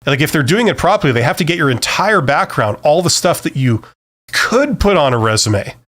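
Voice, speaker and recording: A man's voice: a little high, sing-song, brisk, a bit bright. Middle-aged man giving casual career advice. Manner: loose and conversational, many fillers and restarts. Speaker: career advice host answering viewer questions. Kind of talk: casual live-stream Q&A.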